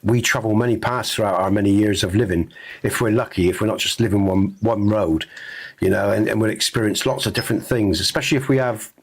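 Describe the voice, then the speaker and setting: Husky middle-aged man, earnest rambling. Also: lowish voice, quick pace. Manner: rambling, earnest, many fillers and restarts. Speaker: game streamer host. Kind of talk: reflective casual chat on stream.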